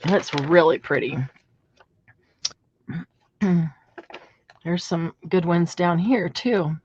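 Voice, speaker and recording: A woman's voice: on the low side, drawn-out words, a little mellow, breathy edge, highs cut off. A woman hosting a craft livestream from a home craft room, chatting casually and admiring her materials as she works. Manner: chatty, admiring, thinks aloud while working.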